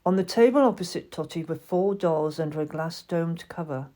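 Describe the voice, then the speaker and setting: A woman narrates a children's storybook in a gentle, expressive way. Her voice sits a little low and sounds mellow. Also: normal speed. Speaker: audiobook reader.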